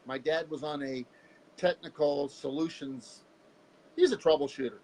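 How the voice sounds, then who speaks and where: A man from Canada talks openly in a relaxed interview, telling stories with lively energy. His voice sits fairly high for a man. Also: normal speed, slight background noise, rough recording. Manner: animated, candid storyteller who jumps into voices. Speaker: guest. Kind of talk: casual interview storytelling.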